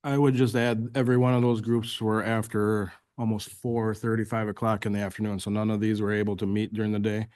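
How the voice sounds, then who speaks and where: A man's voice: fairly low pitch, flat delivery, a little fast, few pauses, a little mellow. A man adding a brief, matter-of-fact remark at a city committee meeting, heard from some distance.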